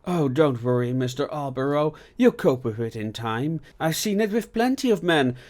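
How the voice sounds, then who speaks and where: A man voicing a cheerful, kind and pushy middle-aged housekeeper in a shrill but friendly voice. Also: expressive, normal speed, darkish tone, close to an everyday voice. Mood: warm fussing. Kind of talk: audiobook character voice.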